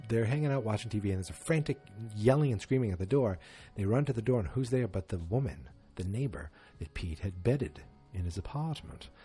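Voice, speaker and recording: A man's voice: on the low side, dark tone, breathy edge. A man hosting a casual solo podcast, retelling scenes and acting out the quotes with sarcastic asides. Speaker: podcast host.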